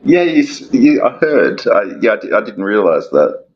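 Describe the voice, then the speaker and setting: A man chatting as a panelist on a live stream, agreeable and halting. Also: fairly low pitch, sing-song, slight background noise. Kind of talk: casual stream chat. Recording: dull, muffled lo-fi mic.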